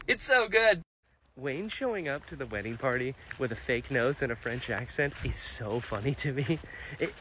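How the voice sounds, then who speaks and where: Man, book vlogger, excitable, lively pitch, bright tone. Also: a little hiss or hum. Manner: enthusiastic, animated, many fillers. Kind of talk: casual book reaction vlog.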